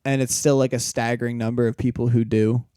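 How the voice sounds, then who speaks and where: A man's voice: mid-range voice, flat delivery, brisk, warm tone, smooth, dry recording, studio quality. A young man co-hosting a podcast, telling laid-back stories in casual chat, swearing freely and acting out quotes. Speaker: podcast co-host.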